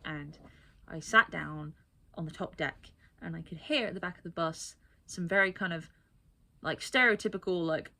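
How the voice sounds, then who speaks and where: A woman vlogging casually, telling an overheard story with animated, exasperated asides and mimicry. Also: lowish voice, moderate pace, vocal fry.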